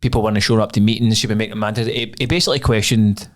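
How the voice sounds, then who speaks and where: A man's voice: lowish voice, steady tone, rapid-fire. A young Scottish man co-hosting a podcast, chatting casually, rambling and swearing freely. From Scotland. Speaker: podcast co-host. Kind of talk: casual chat.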